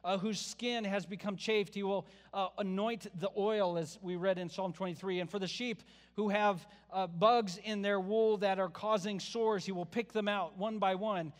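A fairly high-voiced man preaching in a relaxed, conversational way, with joking asides to his listeners. His voice rings out with a long reverb trail, as in a large hall. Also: normal speed, few pauses. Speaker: pastor. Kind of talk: sermon.

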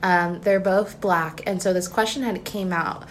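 A woman's voice: on the low side, steady tone, unhurried, slight background noise. A woman co-hosting a podcast in casual chat, teasing and chatty, with lots of fillers. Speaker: podcast co-host.

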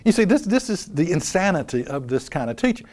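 Male preacher, sermon, emphatic, rhetorical questions, animated pitch. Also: a little fast. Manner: emphatic, rhetorical questions, repeats key phrases.

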